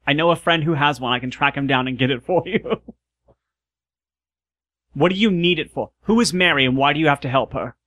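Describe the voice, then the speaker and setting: A man's voice: fairly high pitch, brisk, long pauses, fairly bright tone, no room sound, clean studio sound, natural voice. A man playing the Doctor, a stubborn ancient time traveller who firmly refuses a demand, in his own voice. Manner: firm, insistent refusal.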